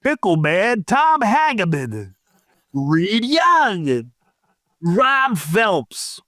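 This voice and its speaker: A podcast co-host in casual comedy banter, giggly, reading names in a slow mock-serious voice. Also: medium pitch, wildly swooping pitch, sharp tone, dry recording, clean studio sound.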